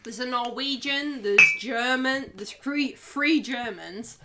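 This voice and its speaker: A woman's voice: on the high side, slow, over a noisy crowd. Laughing, swearing Yorkshire woman. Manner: laughs often, swears freely. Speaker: stream guest. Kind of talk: casual chat.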